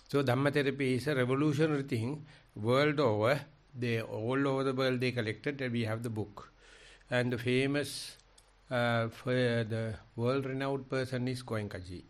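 A man taking part in a dharma discussion as a meditation teacher, talking in an animated, emphatic, storytelling way with big swings in pitch and loudness.

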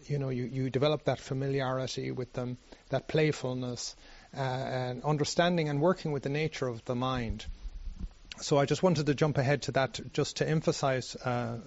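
A man giving a meditation teacher's dharma talk, halting often with restarts and "you know". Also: medium pitch, a little mellow, highs cut off.

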